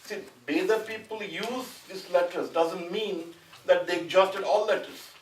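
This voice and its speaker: A man from India lectures a small class in a relaxed, rambling way, often asking whether his students follow him. His voice is somewhat higher than most men's. It is picked up from a distance in an echoey classroom, with faint noise underneath. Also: measured pace. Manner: conversational, often asks "you know what I'm saying?". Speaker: Sanskrit teacher.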